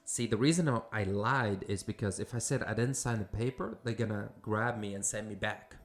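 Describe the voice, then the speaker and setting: A man's voice: lowish voice, moderate pace, faint music behind. A man from Syria, hosting a podcast and telling a personal story casually, with many fillers and restarts. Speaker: podcast host.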